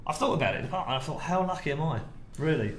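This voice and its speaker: A middle-aged British man, a podcast co-host and esports broadcaster, tells a story in casual podcast chat, animated and acting out the quotes. His voice sits a little high and moves very fast. The recording has a roomy echo and faint noise.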